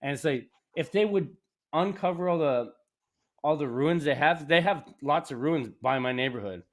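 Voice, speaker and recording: A man's voice: a little high, moderate pace. Rambling Canadian man in casual chat. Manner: rambling, animated, laughs often. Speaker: podcast host.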